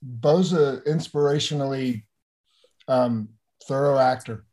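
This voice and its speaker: A middle-aged man, an actor, talking in an animated interview, often restarting and repeating words. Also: mid-range voice, slow pace. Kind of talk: conversational interview.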